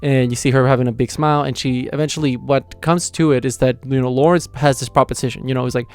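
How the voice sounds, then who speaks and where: A young man talks through an episode recap in a loose, rambling way, padding his sentences with filler words and little chuckles. His voice is smooth and clean but stays fairly flat in pitch. The sound is dry and close, with no room echo. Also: fast talker, hardly any pauses. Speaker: anime reaction channel host. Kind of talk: casual episode recap and review.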